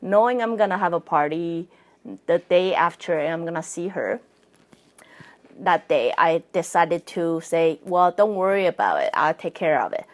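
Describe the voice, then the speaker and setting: On her casual solo podcast, a psychic and spirit coach who is not a native English speaker talks in a lowish voice at a moderate pace. She's conversational, laughs frequently and keeps checking in with "right?"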